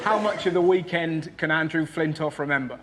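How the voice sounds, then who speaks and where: Male panelist, wry joking, studio audience loud behind him, noisy. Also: a little high, fairly quick, a loud crowd. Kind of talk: comic panel banter.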